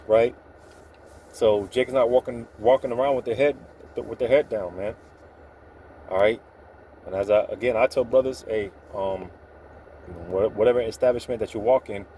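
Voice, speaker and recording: A man's voice: mid-range voice, warm tone, slight background noise, poor audio. A man giving an informal, profane, streetwise religious talk, quoting scripture with emphatic asides. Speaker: preacher.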